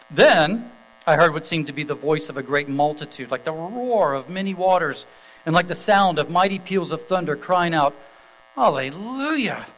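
A man's voice: a little high, a bit bright, rough recording. A middle-aged man preaching a sermon, telling a story in an easy, conversational way with small fillers, then reading scripture aloud. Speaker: pastor.

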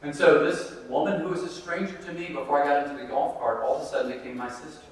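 A man preaching in an earnest, conversational way, returning to his key phrases for emphasis. His voice sits a little high for a man. The recording is distant, with a long echo ringing through a big hall. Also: steady tone, fast, a little hiss or hum. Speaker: pastor. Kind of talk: sermon. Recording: echoey hall, voice picked up from afar.

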